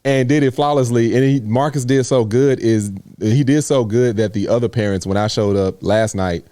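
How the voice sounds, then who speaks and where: A man in casual chat, a proud parent telling an animated story full of slang. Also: mid-range voice, moderate pace, no room sound.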